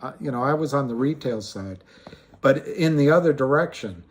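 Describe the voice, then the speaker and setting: On a casual livestream, a man with a medium-pitched, slightly rough, animated voice speaks at a moderate pace. His talk rambles, full of restarts and trailing thoughts, as he responds to viewers and greets each by name.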